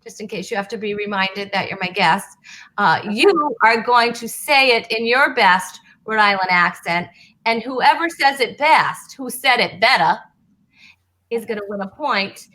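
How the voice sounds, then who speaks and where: A woman hosting a comedy talk show, speaking in a halting, playful way with lots of "uh" and restarts. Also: medium pitch, lively intonation, sharp tone, low-quality recording.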